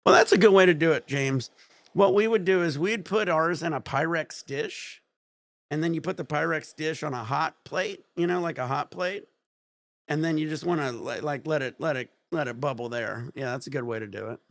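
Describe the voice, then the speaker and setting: A man's voice: on the high side, normal speed, no echo. A man, hosting a casual livestream, rambling and laughing often. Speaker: livestream host.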